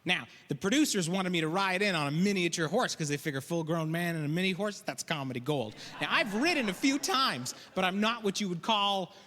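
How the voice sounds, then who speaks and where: A man from the prairies doing stand-up, his voice high and bright. His storytelling swings widely, acting out every character. A long hall reverb trails his voice over faint noise. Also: brisk, hardly any pauses. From Canadian prairies. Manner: animated storytelling, acts out characters. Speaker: stand-up comic. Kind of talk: stand-up comedy.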